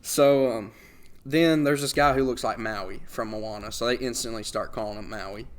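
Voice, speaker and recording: A man's voice: medium pitch, steady tone, moderate pace. A young adult man hosting a podcast, telling a story in casual chat and laughing often along the way. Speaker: podcast host.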